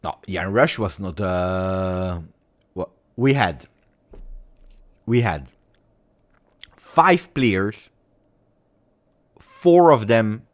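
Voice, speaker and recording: A man hosting a fan channel, chatting casually on a livestream, rambling with fillers and self-corrections. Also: deep voice.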